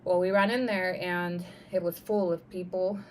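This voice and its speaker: A young woman on a live stream telling a personal story in a casual, animated way, with lots of "like" and "right?" and the odd swear word. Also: fairly low pitch, moderate pace, slight background noise.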